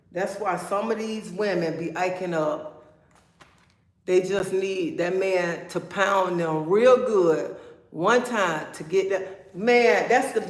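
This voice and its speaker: A woman hosting a casual livestream gives blunt, preachy advice. She keeps checking in with "okay?" and calling listeners "honey". Her voice echoes around a bare room. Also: mid-range voice. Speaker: livestream host.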